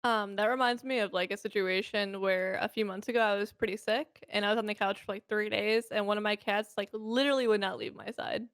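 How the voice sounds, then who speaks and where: A relaxed woman with a mid-pitched voice talks as an interview guest, filling her speech with "like" and "you know". Her voice sounds dry and close. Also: fairly quick, hardly any pauses, smooth, no room sound. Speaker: guest streamer. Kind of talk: casual interview chat.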